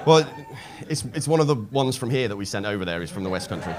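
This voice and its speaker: A man doing a live stand-up set on a comedy club stage, deadpan asides into a handheld mic. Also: on the low side, fast talker, background noise.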